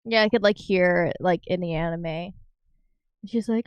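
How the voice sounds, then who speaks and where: A woman's voice: on the low side, measured pace, smooth, no room sound, lo-fi sound. A woman co-hosting a podcast, chatting playfully and casually about a manga chapter and acting out what the characters say. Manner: playful, laughs and acts out lines. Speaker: podcast co-host. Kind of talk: casual chat reviewing manga.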